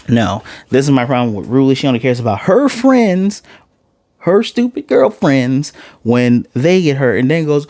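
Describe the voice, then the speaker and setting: Guy doing a rambly cartoon episode recap, voices the characters a bit, ordinary middle pitch. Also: normal speed. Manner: animated retelling, acts out lines, rambling. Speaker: anime reviewer. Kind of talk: casual episode recap and rant.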